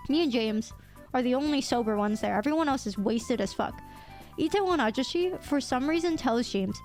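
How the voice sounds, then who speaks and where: A young woman streamer with a very high, light voice tells a story in a loose, chatty way. She is animated and laughs often, and she swears casually as she goes. Faint music plays underneath. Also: normal speed. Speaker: VTuber streamer.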